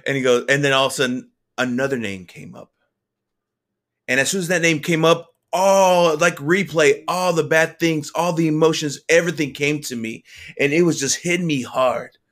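A man's voice: fairly high pitch, fairly bright tone. Earnest man telling a faith testimony. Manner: earnest and halting, with frequent restarts. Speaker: speaker sharing a personal faith testimony. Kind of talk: personal testimony storytelling.

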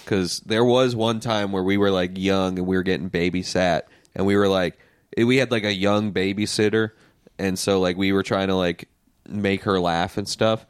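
A man's voice: deep voice, steady tone, moderate pace, clean tone, no room sound, studio quality. A young man co-hosting a podcast, telling a rambling story full of "like" fillers in casual chat. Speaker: podcast co-host.

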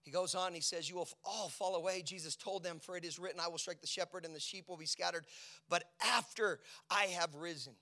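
High bright-voiced preacher man. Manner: swings from shouted emphasis to low dramatic asides; acts out quoted speech, addresses the congregation. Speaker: pastor. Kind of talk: sermon.

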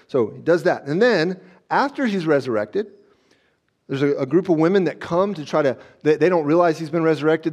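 A man's voice: fairly high pitch, darkish tone. A male pastor giving a conversational sermon, often checking in with "okay?" and acting out scenes as he goes. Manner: conversational, frequent "okay?" check-ins and restarts.

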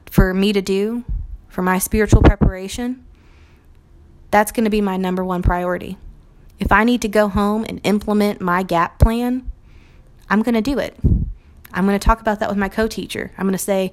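A young adult woman speaks as a Montessori teacher. Her voice sits at a middle pitch and her talk is earnest and reflective. Now and then she acts out a short quoted phrase. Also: steady tone, normal speed.

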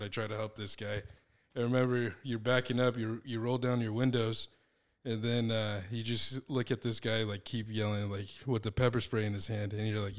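A man's voice: fairly low pitch, steady tone, normal speed. A young man co-hosting a podcast, telling a story in loose, rambling casual chat and laughing often. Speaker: podcast co-host.

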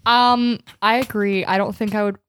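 A woman co-hosting a casual podcast chat, relaxed and agreeable. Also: mid-range voice, moderate pace, smooth. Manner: relaxed, agreeable, laughs along. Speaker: podcast co-host.

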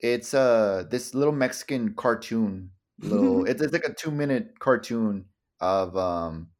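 A man's voice: lowish voice, animated, measured pace, a little mellow. A young man co-hosting a casual podcast chat, rambling and swearing often, with many stammered restarts. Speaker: podcast co-host.

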